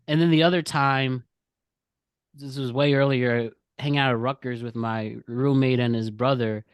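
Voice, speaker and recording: A man's voice: mid-range voice, steady tone, normal speed, smooth, no echo. A young man hosting a casual podcast game, telling rambling stories and often stopping to correct himself. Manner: rambling, self-correcting storyteller who laughs often. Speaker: podcast host running a quiz game.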